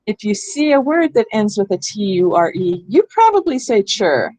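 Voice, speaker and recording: A woman's voice: mid-range voice, sing-song, normal speed, warm tone, no echo, low-quality recording. A woman training teachers in a hands-on reading workshop, explaining step by step and thinking aloud. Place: school room.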